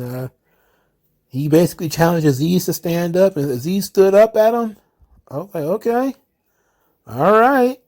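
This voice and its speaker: In an informal one-man wrestling commentary, the host speaks in a slightly high voice, staying animated and teasing wrestlers with fast impressions.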